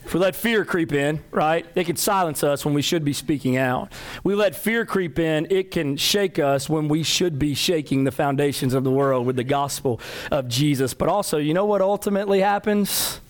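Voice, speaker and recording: Animated, higher-voiced male preacher. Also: normal speed. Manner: animated storytelling with acted-out quotes. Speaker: pastor. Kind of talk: sermon.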